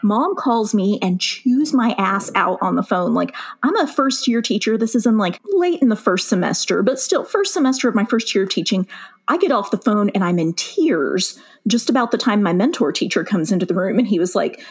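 A woman teacher telling a story in a casual chat, animated and laughing as she goes. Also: mid-range voice, moderate pace, slightly rough. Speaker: teacher and podcast co-host.

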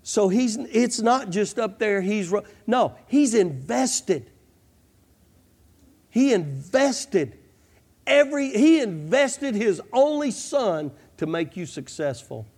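A man's voice: high voice, very animated, slow pace, darkish tone, husky. A man preaching a fervent sermon, repeating "come on" and "I'm telling you" as he presses his points. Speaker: pastor.

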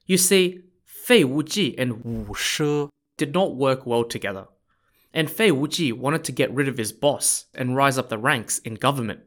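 A man's voice: mid-range voice, fairly bright tone. A man telling an old history story in a casual, chatty way, with asides to his listeners. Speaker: podcast storyteller.

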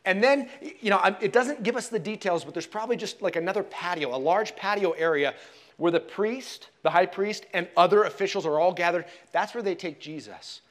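A man preaching a sermon in a church, telling the story expressively and dropping to hushed tones for emphasis. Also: high voice, brisk. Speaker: pastor.

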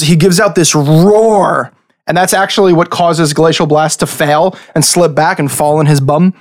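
A man narrating a tabletop game as game master, casual and lively, rambling with fillers. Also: a little high.

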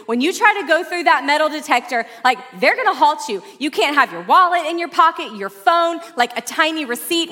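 A woman pastor preaching a sermon, telling a personal story with lively asides to the congregation. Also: sits high.

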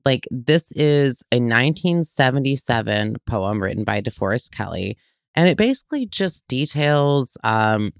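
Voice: medium pitch, very animated, measured pace, vocal fry, smooth, no echo, clean studio sound. A podcast co-host in casual chat, talking things through analytically and correcting themselves.

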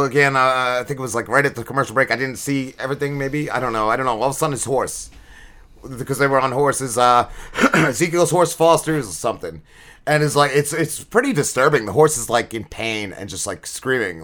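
A man hosting a podcast, recapping a TV episode in a rambling, profane, casual way with plenty of filler words. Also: medium pitch. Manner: animated retelling with quick drops in energy. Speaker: podcast host.

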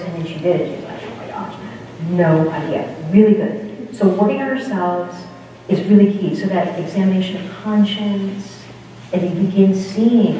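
A woman's voice: medium pitch, warm tone, a little hiss or hum. Distant woman in an echoey hall. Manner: rambling, chatty, self-interrupting. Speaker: speaker giving a spiritual talk. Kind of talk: informal spiritual talk.

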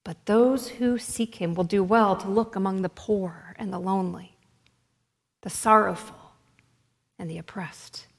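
Woman doing a kind old rabbi giving advice in a storybook, calm, long echo. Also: medium pitch, a little slow, creaky. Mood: gentle counsel. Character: wise, kindly old male rabbi. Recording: long hall reverb.

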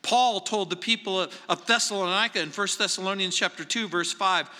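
A man preaches in a high, sharp and forceful voice, talking to his congregation in a conversational way. He drops to quiet asides and then presses hard on key words. His voice rings with a long reverb from the church hall. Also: fairly even intonation, a little fast. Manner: conversational and emphatic, swinging between quiet asides and raised stresses. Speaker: pastor. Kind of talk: verse-by-verse sermon. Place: church sanctuary.

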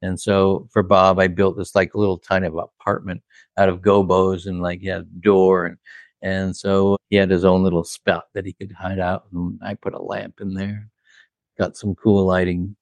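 A man's voice: low voice, completely flat delivery, normal speed, no echo. A man, a record producer, telling studio stories in a rambling, casual way, full of "like" and "you know", laughing at his own anecdotes. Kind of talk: casual storytelling.

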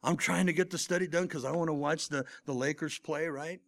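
Male pastor, middle-aged, sermon, raised pitch, loud emphasis, hushed whispered asides. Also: steady tone, fairly quick.

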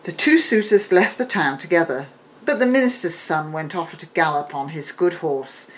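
Expressive woman reading a fairy tale. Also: low-pitched, moderate pace. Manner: expressive storytelling. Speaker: library staff storyteller. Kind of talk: fairy tale read-aloud.

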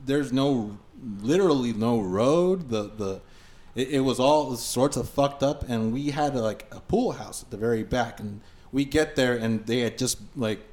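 A man's voice: mid-range voice, unhurried. A man on a podcast, a musician telling a road story in casual chat, swearing freely and piling on fillers. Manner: profane, animated anecdote-telling with many fillers.

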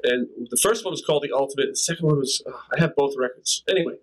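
On a low-quality recording, an older drummer being interviewed speaks in a mid-range voice at a racing pace. His casual conversation is a string of rambling anecdotes, broken up by laughter and scatted drum rhythms.

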